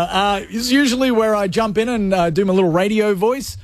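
A man's voice: high voice, brisk, music in the background. A man hosting a radio show, playful and jokey as he chats to listeners from his studio. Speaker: radio host. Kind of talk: energetic radio banter.

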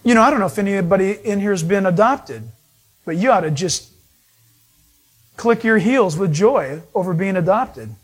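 Male pastor, higher register, animated storyteller who mimics voices while preaching. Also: normal speed, slightly rough. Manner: animated storytelling, acts out voices of people he met. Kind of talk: sermon.

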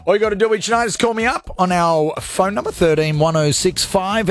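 A man's voice: sits high, a little fast, faint music behind. A man in his forties with an Australian accent, hosting a live radio show with brash, joking, self-mocking banter. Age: 40s. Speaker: radio host.

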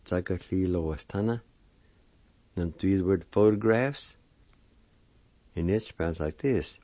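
A man teaching a weekly pronunciation lesson. He sounds out words slowly, syllable by syllable, and then repeats them whole. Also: sits low, dark tone, dry recording, dull audio. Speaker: language teacher.

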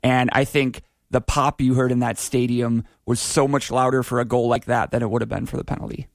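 A male panelist talks about the game with steady enthusiasm and a measured pace of thought. His voice sits at an ordinary pitch. The recording is dry and close. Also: no echo. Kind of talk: casual sports chat.

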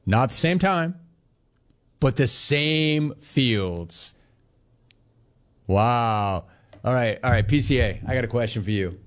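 A man in his forties hosting a casual sports talk show, telling stories and answering his live chat. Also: medium pitch. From Los Angeles area. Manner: animated storytelling, quick asides to chat.

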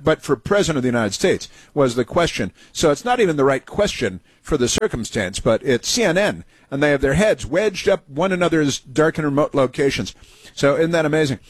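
A man's voice: mid-range voice, a little fast, no echo. A man hosting a political talk show, talking in a sarcastic, mocking way with many filler words. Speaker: talk radio host.

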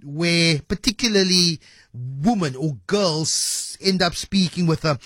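A man's voice: on the high side, slow pace, a bit bright, no room sound. A man hosting a radio talk show, musing in a conversational, playful way. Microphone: studio microphone.

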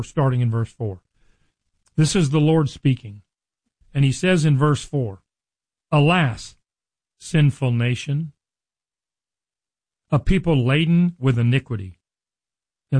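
A man preaching a sermon, reading scripture slowly and explaining it in an earnest, conversational way to his listeners. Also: medium pitch, darkish tone, dry recording, poor audio. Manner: addresses listeners directly.

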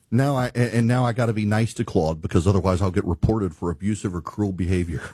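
A man hosting a talk show, telling a driving story in an exasperated, animated rant. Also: medium pitch, a little fast, slightly rough, dry recording. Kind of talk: ranting monologue.

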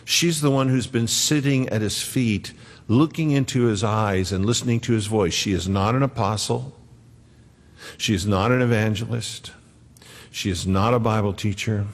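Earnest preacher in a reverberant hall. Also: male voice, on the low side, moderate pace. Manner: conversational, earnest, acts out quotes. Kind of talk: sermon.

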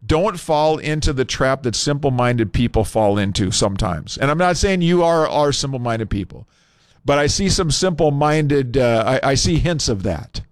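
Man hosting talk radio, smooth and dry. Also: medium pitch, animated, no room sound. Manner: conversational and unscripted, pausing with fillers. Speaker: radio talk show host. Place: radio studio. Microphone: studio microphone.

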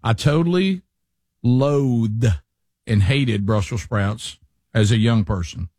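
A man's voice: mid-range voice, slow, a little mellow, no room sound, studio quality. A man hosting a talk show, chatting casually and rambling with repeated words. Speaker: radio show host. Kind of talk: casual chat.

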